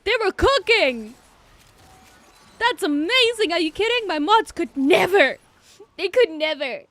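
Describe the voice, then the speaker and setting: High-voiced excitable young woman streamer. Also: unhurried, dry recording. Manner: excitable, swearing, laughing often. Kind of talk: casual stream chat.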